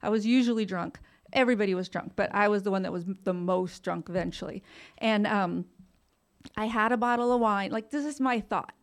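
Speaking fairly quickly in a mid-range voice, this woman shares her recovery story frankly. She pokes fun at herself, drops the occasional curse, and laughs even as she recalls hard times.

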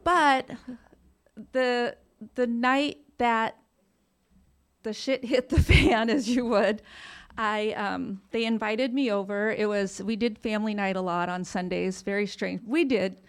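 Woman, candid storyteller, self-deprecating, plain-spoken, medium pitch. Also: fairly even intonation, slow pace, clean tone. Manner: frank, self-deprecating, laughs through hard memories, swears casually. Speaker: recovering alcoholic sharing her story.

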